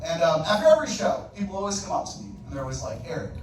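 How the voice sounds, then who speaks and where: A man with a fairly high voice runs a stand-up set, bantering with the crowd between jokes. The room is very echoey and the mic sits well back from him. A steady murmur of audience noise runs under everything. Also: very fast, distant mic. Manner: crowd work, loud punchlines. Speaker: stand-up comedian. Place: comedy club stage.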